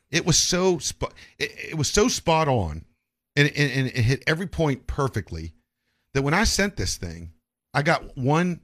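Male host, mid-pitched voice, rambling chat with lots of restarts. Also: a bit bright. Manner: rambling, with frequent restarts and swearing. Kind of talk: casual podcast chat.

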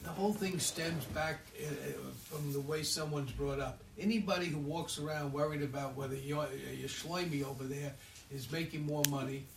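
A man's voice: on the high side, fairly even intonation, normal speed, a little hiss or hum, rough recording. A man sitting in a class, insistently cutting in to push his own point. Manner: insistent, cuts in. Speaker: class participant. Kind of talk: interjecting in a class discussion.

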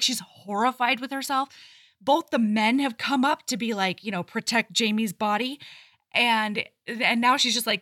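A woman with a higher, bright voice retells a novel's plot to her co-host. She slips into quick character voices and swears without pause. The sound is dry and close. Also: dry recording. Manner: animated storyteller acting out quotes, swears freely. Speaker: podcast co-host. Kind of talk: casual chat recapping a book.

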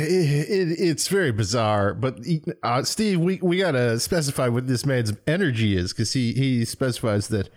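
A man's voice: mid-range voice, lively intonation, normal speed, hardly any pauses. A man co-hosting a movie podcast, exasperated and swearing as he trashes the acting. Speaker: podcast co-host. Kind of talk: casual movie-review chat.

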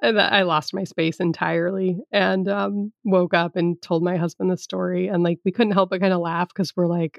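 A woman's voice: lowish voice, flat delivery, normal speed, creaky, few pauses, no echo, highs cut off. A woman hosting a podcast, telling personal stories in a chatty, candid way with casual swearing. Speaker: podcast host. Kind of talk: casual storytelling monologue.

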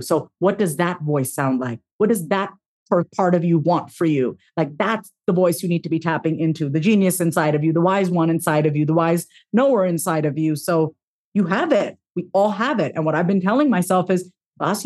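Expressive motivational woman guest. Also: fairly quick. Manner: expressive, swings into high playful self-talk, swears casually. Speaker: podcast guest, therapist and speaker. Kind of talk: heartfelt motivational talk.

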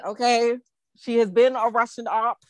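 A woman co-hosting a casual podcast panel chat, telling stories in a sassy, animated, slangy way. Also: fairly high pitch, normal speed, no echo. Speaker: podcast co-host.

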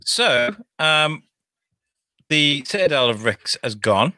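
A man hosting a casual podcast conversation, relaxed and laughing, with many fillers. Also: on the high side, slow pace, dry recording. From United Kingdom. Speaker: podcast host. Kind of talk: casual chat.

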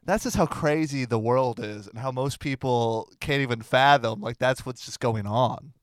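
A man's voice: mid-range voice, normal speed. A man hosting a podcast, chatting casually, reacting with laughter and introducing clips. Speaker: podcast host. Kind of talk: casual podcast chat and show links.

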